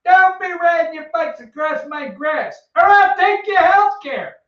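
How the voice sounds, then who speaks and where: A man doing a cranky old man yelling. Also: very high voice, unhurried, voice pushed up. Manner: cranky, barking. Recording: echoey, distant, dull sound.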